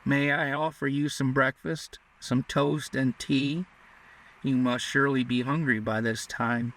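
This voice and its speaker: A man reading the part of a sweet young frontier maiden who speaks in a low, composed voice. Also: fairly even intonation, measured pace, fairly bright tone. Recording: distant mic.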